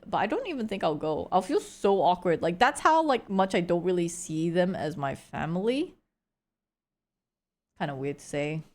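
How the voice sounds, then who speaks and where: A woman's voice: on the low side, animated, normal speed, darkish tone. Giggly young woman chatting on stream. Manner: chatty, giggly, full of "like" fillers. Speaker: livestreamer. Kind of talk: casual stream chat.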